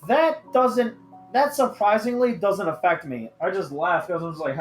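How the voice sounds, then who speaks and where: A man hosting a casual podcast chat, excitable and profane, breaking into sudden loud outbursts. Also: high voice, normal speed, soft background music. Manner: excitable, swearing, shouts in bursts. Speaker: podcast host.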